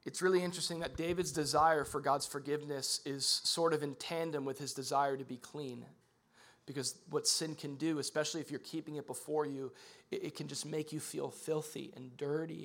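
A young adult man preaching a sermon as a pastor, talking casually and swinging between loud emphasis and soft, earnest passages. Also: fairly high pitch, gravelly.

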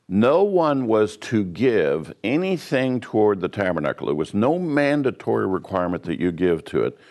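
A man with a low, deep voice gives a verse-by-verse Bible teaching, explaining at an unhurried pace. He pauses often, fills gaps with "uh", and restarts his sentences as he works through the passage. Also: a little mellow. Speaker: pastor.

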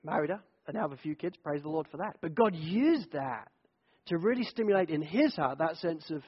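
A middle-aged man, a pastor, preaching a sermon in a conversational, animated way and telling personal stories. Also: fairly high pitch, a little fast, breathy edge. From United Kingdom. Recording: echoey hall, dull lo-fi sound.

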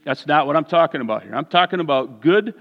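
A man preaching a sermon as pastor, animated, swinging from hushed lines to loud ones. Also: a little high, quick pace, phone-quality sound. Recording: reverberant hall.

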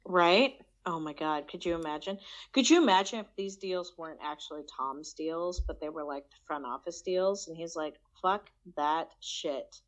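A woman's voice: lowish voice, moderate pace. A woman co-hosting a soccer podcast, chatting casually and playfully, teasing her co-host and laughing easily.

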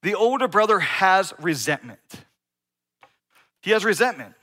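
This middle-aged pastor delivers a sermon like a conversation, regularly checking in with the congregation with "right?" asides. His voice sits high with big pitch swings, pushed and bright, and he doesn't hurry.

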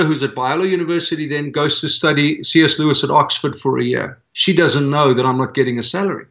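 Man, pastor, earnest animated storyteller, slightly high voice, dull lo-fi recording. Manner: earnest, animated storyteller who acts out quoted dialogue. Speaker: pastor and church leader. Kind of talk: conversational storytelling in an interview. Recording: dull, lo-fi sound.

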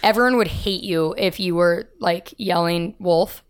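A woman's voice: fairly low pitch, a little slow, clear, resonant tone. A woman co-hosting a podcast, talking casually and enthusiastically with her co-hosts. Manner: enthusiastic, gushing. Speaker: podcast co-host. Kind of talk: casual chat.

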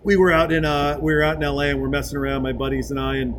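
Animated storytelling man in his forties. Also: a little high, very fast, background noise. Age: 40s. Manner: animated, laughs while telling stories. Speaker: podcast host. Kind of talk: casual storytelling chat.

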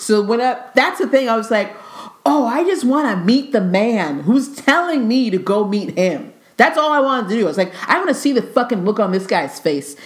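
A young woman comedian telling a story in a casual podcast chat, animated and profane, laughing often and acting out the dialogue. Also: mid-range voice. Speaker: stand-up comedian guest. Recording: roomy echo.

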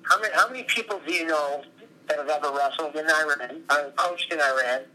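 A middle-aged former wrestler and coach, talking from his office, telling long, animated stories as an interview guest. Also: fairly high pitch, a little fast, low-quality recording. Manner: rambling, animated storytelling.

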